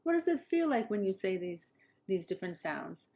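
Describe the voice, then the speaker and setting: A woman from Southern California with a Southern Californian accent, teaching English pronunciation slowly and carefully and modeling sounds for learners to repeat. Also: mid-range voice, sing-song, creaky, warm tone. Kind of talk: pronunciation lesson.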